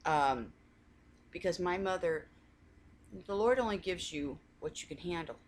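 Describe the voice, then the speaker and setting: A woman's voice: fairly low pitch, a little slow, slight background noise. A woman talking in a casual coffee chat, rambling through family stories with many restarts and laughing now and then. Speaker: faith vlogger.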